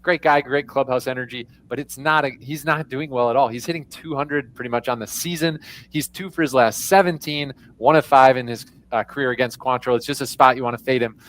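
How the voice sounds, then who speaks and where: A man's voice: medium pitch, steady tone, fairly quick, a bit bright. A man co-hosting a sports betting show, upbeat and loaded with stats. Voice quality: upbeat, stat-heavy. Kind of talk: casual sports betting chat.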